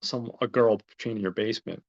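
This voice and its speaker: A defiant, hot-headed young woman criminal, brash and scolding, as a man acts her out. Her voice is a touch raised in pitch, and the recording sounds a little dull. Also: steady tone, a little fast, natural voice. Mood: indignant.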